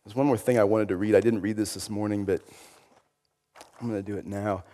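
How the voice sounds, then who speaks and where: A man giving an informal sermon-style talk, reflective and conversational, often trailing into quieter phrases. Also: lowish voice, fairly even intonation, brisk, long reverb tail.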